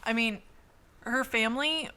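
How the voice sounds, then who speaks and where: A young woman co-hosting a podcast in casual chat, chatty and quick to laugh. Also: a little high, sharp tone, smooth. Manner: chatty, laughs often, says "like" a lot. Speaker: podcast co-host.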